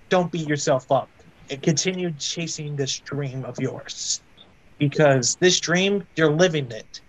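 Young male guest, slightly high voice, rambling storyteller full of fillers. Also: lo-fi sound. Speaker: guest, aspiring wrestling broadcaster. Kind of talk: casual interview storytelling.

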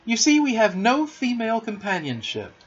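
A man voicing an eager, boastful young boy who never wants to grow up, with lively boyish talk, in a dull lo-fi recording. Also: high voice, moderate pace, slightly rough, voice pushed up, full character voice.

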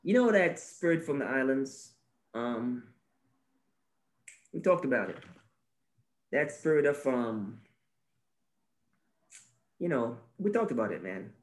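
This faith-based podcast co-host has a medium-pitched voice and a slow pace, pausing often. Animated and preachy, he dramatizes little scenes and keeps repeating his main phrases.

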